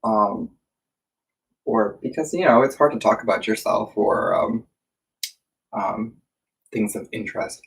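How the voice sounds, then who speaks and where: A man chatting casually on a live stream while he eats at home, hesitant and full of filler pauses. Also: on the low side, expressive, vocal fry, distant mic, low-quality recording. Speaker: livestream co-host. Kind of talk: casual chat while eating. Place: warm room at home.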